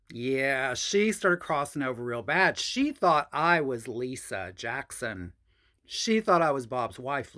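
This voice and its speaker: A woman hosting her own show, telling a personal story in a chatty, frank and profane way and talking straight to her viewers. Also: low voice. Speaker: storytelling host. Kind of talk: casual storytelling monologue.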